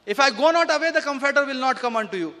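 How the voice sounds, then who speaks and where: A man giving an emphatic public lecture to an audience, slowing down to recite scripture and asking rhetorical questions. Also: very high voice, lively intonation, bright, forceful tone. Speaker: speaker at an Islamic awareness event. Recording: long reverb of a hall.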